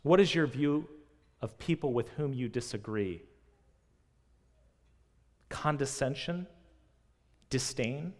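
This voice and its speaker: A man preaching a sermon, earnest and full of rhetorical questions, swinging between loud emphasis and quiet. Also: medium pitch, lively intonation, slow, pauses often. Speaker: pastor. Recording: long reverb of a large hall.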